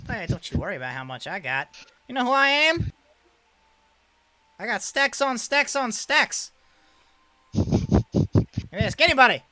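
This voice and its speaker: A man voicing a brash, loudmouthed exotic-animal showman who boasts and swaggers. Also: very high voice, very animated, a little slow, pauses often, no echo, pitched above the performer's own voice, heavily acted, poor audio. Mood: boastful. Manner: loud, boastful, swaggering, drawling.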